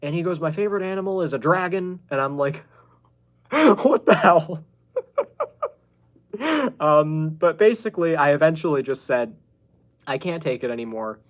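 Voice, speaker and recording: A man's voice: a little high, a little fast. A man hosting a podcast, telling a story in a casual, exasperated way, laughing often and swearing as he quotes the people involved. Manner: exasperated, laughing, swearing, quoting others in recounted dialogue. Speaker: podcast host.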